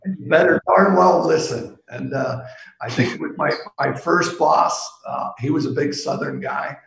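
A middle-aged man from Pittsburgh, a sales executive guest, telling golf stories in a relaxed, anecdotal way with lots of fillers. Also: a little high, unhurried, creaky, echoey room, slight background noise, rough recording. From Pittsburgh, USA. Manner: warm anecdotal, chuckles, trails off with fillers. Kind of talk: casual storytelling.

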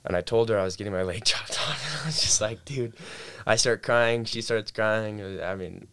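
A man's voice: lowish voice, normal speed, a bit bright, a little hiss or hum. A young man in casual conversation, telling a personal story in a laid-back way and often saying "like" and "dude". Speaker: guest telling his story. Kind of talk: casual chat.

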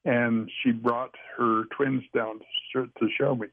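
An older man appears as a podcast guest, sharing his Sasquatch experiences through folksy, rambling stories in casual conversation, often restarting his sentences. His mid-range voice is level and unhurried. The audio is tinny like a phone line, with no room sound.

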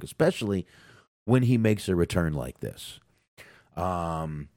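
Deep-voiced man ranting on a podcast. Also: no echo, studio quality. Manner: profane, excitable, ranting. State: sinus cold. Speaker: podcast co-host. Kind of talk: casual wrestling podcast chat.

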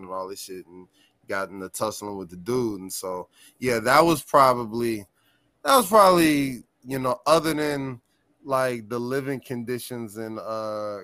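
A man guest on a podcast, telling tour stories in a casual, animated and profane way, laughing often. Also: medium pitch, moderate pace, dry recording. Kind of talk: casual storytelling chat.

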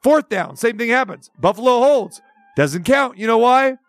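A man's voice: very high-pitched, very animated, moderate pace, dry recording. A man hosting sports radio, ranting with sarcasm and exasperation, firing off rhetorical questions. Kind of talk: opinionated sports talk rant.

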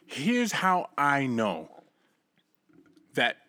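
Animated, foul-mouthed middle-aged man. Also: mid-range voice, extremely slow, no echo. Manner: profane, animated storytelling. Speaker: podcast host. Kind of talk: casual podcast chat.

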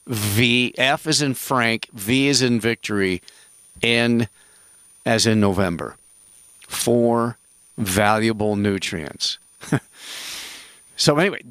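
A man's voice: mid-range voice, fairly bright tone, dry recording. A man hosting a radio health call-in show, talking casually in a rambling, jokey way with emphatic asides.

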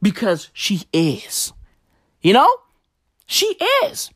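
Woman podcast host, profane comedic rant, lively swooping pitch, dry close sound. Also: very slow, slightly rough, no echo. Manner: animated, swears constantly, rhetorical questions.

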